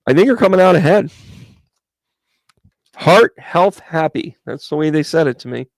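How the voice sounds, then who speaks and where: Talking through each card, this chatty man gives tarot readings to a live-stream audience and welcomes viewers by name. His gravelly, creaky voice is mid-pitched with lively intonation at normal speed, and the sound is close and dry.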